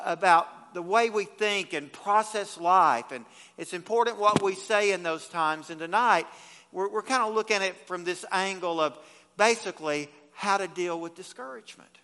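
A male pastor delivering an evening sermon, his voice high and bright as it carries through a church. He swings from hushed, slow lines to loud, urgent ones and acts out the scripture quotes, all wrapped in long hall reverb. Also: smooth.

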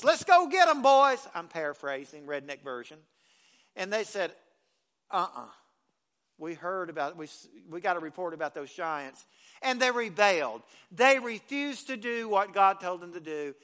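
Pastor, male, high bright voice, folksy conversational sermon delivery. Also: lively intonation, normal speed, clean tone. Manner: folksy, conversational preaching with repeated restarts.

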